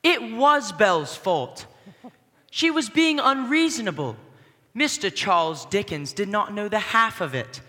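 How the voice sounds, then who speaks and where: A grumpy old miser, petulant and aggrieved, with a bright, tense voice that swoops up and down, as a preacher puts him on. A long hall reverb trails each line. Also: male voice, high-pitched, big pitch swings, unhurried, heavily acted. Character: bitter old miser, self-pitying and grumpy.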